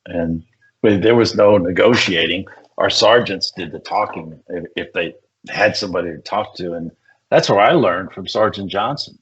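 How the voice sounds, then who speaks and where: An older man, a retired police negotiator, telling animated stories in casual conversation and acting out the people he quotes. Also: deep voice, husky. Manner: animated anecdotes, acts out quoted voices. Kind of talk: casual storytelling. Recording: muffled lo-fi sound.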